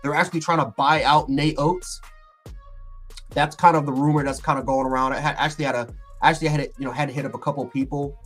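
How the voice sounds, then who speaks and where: A man hosting a casual livestream, talking in an excitable, rambling way with lots of fillers and restarts. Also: on the high side, fast talker, faint music behind. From Buffalo, New York. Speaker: sports channel host.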